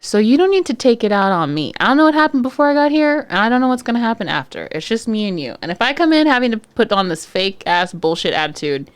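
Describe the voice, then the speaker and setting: A young woman on a podcast mic, in casual chat with a mid-pitched voice. She tells her stories bluntly and with a lot of swearing. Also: sing-song, fast talker, few pauses, smooth. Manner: blunt, profane, chatty storytelling. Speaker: podcast co-host, hospital therapist. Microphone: podcast studio mic.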